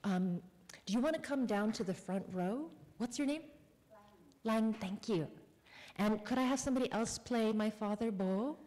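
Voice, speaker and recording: A woman's voice: a little high, a little mellow. Upbeat woman in a reverberant hall. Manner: friendly, upbeat, quick to laugh. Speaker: author casting volunteers for a reading. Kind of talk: casual talk to a live audience. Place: public library event room.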